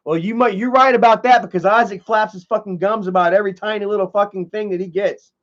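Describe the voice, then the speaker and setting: A man's voice: sits high, fairly even intonation, quick pace, highs cut off. A man live streaming in a loose, rambling way, swearing often and filling with "man" and "you know".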